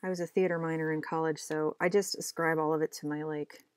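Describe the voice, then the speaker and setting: A woman's voice: deep voice, flat delivery, quick pace, smooth, no echo. A young adult woman chatting casually while she draws comics, rambling, mocking herself and talking to herself as she works. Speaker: comic artist vlogger. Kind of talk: casual chat while drawing.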